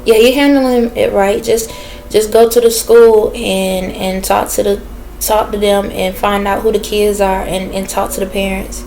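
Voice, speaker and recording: A woman's voice: medium pitch, steady tone, gravelly, darkish tone, soft background music. Rambling woman in a casual spiritual vlog. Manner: rambling, pausing to listen, chatty with viewers. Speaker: spiritual reader.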